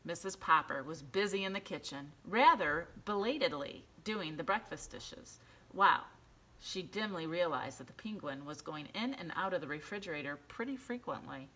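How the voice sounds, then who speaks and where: A woman reading a children's book aloud in an expressive, animated storytelling way. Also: lowish voice, normal speed. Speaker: reader.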